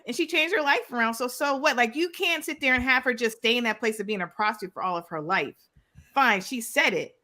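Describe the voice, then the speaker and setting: A woman's voice: fairly high pitch, sharp tone. A woman calling into a show, arguing firmly and insisting on getting her point across. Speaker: call-in guest. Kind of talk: heated debate.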